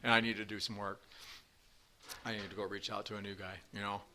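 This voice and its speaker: A man's voice: lowish voice, level tone, quick pace, pushed and bright, a little hiss or hum. A man telling his recovery story at a meeting, rambling with lots of fillers and restarts. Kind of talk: personal recovery talk. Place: meeting room with audience.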